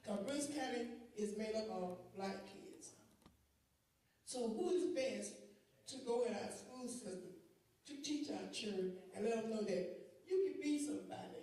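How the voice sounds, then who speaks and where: A woman's voice: a little high, unhurried, warm tone. A woman giving an emotional public statement, pleading, her voice breaking with emotion, recorded outdoors. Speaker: accused school board member. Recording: echoey, from far off.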